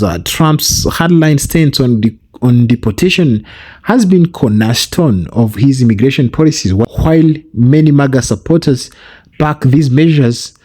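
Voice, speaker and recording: A man's voice: medium pitch, warm tone. Hesitant man giving commentary. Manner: hesitant, many fillers, repeats himself. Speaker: reaction channel host.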